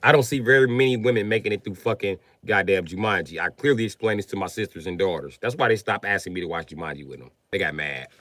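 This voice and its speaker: A man ranting on a comedic live stream, loud, profane and animated, often breaking into shouts. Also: sits low, fast talker, hardly any pauses, no room sound.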